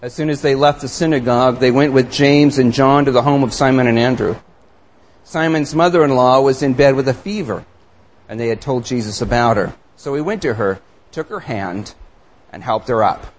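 A man's voice: mid-range voice, moderate pace. A man preaching a sermon, reading scripture and reflecting on it with earnest, emphatic questions. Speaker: pastor.

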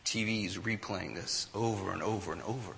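Bright-voiced man telling a story in a hall. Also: sits low, fairly quick, creaky, slight background noise. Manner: animated storyteller, acts out quotes. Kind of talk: storytelling talk to an audience.

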